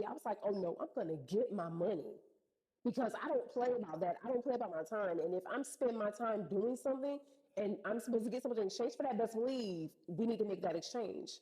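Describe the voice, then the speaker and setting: A woman's voice: on the high side, brisk, low-quality recording. A woman telling a personal story in a casual, slangy way, acting out what people said. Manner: animated, slangy retelling with acted-out quotes.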